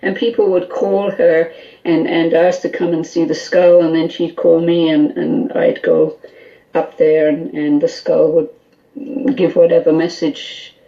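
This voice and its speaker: A woman guest on a call-in radio show, telling an animated story full of quoted dialogue and small laughs. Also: sits low, a little slow, dull audio. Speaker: guest, skull interpreter.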